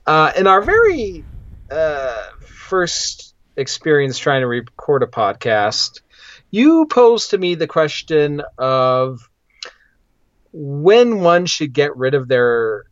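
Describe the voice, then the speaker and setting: A man's voice: a little high, very animated, slow, dry recording, muffled recording. A man co-hosting a podcast in casual chat, with dry, wry humor and frequent fillers. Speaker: podcast co-host.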